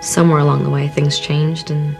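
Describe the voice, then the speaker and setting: Movie clip, sulky young woman captor, gravelly, self-pitying, music underneath. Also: deep voice, flat delivery, brisk. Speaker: movie character.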